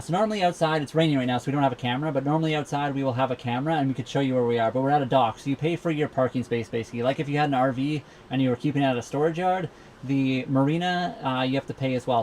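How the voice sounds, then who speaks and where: A man's voice: mid-range voice, racing, a little mellow, a little hiss or hum. A young man from Saskatchewan with a Canadian accent, hosting a casual live Q&A from inside his docked sailboat and rambling easily with lots of fillers. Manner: rambling, easygoing, many fillers. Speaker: livestream host. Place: cabin of a sailboat docked at a marina.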